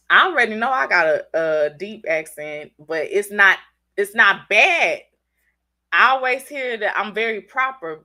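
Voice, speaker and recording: Woman hosting a livestream, stuffy from a cold, bright and lively delivery. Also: mid-range voice, gravelly. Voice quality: country-sounding speech. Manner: chatty, animated, talks straight to viewers. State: congested from a cold. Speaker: livestream host. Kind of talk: casual livestream chat.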